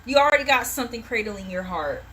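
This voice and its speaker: High, bright-voiced woman, fiery and profane. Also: lively intonation, fast, slight background noise. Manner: passionate, blunt and profane. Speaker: tarot reader. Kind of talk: live-stream tarot reading.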